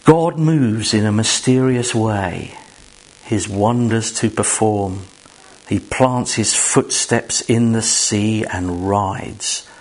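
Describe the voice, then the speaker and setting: A man preaching a sermon to a congregation, emphatic and animated, with rhetorical questions and asides to the room. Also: fairly low pitch. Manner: jokes directly with the congregation.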